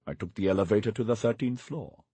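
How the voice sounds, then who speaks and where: A man's voice: fairly low pitch, fast, mellow, breathy edge, no room sound. A man narrating a novel in the first person, with a wry, confessional manner. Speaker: audiobook narrator.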